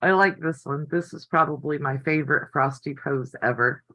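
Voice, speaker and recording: A woman's voice: low voice, moderate pace, pushed and bright, dry recording, low-quality recording. An older woman hosting a casual live stream from her home craft room, chatty and easily delighted. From United States. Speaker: quilting channel host.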